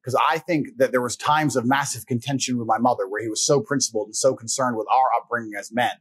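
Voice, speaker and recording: A man's voice: mid-range voice, fast, husky, no echo, low-quality recording. A man telling a personal story in casual conversation, blunt and profane, acting out the people he quotes. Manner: blunt, profane, animated retelling with voiced quotes. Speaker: guest.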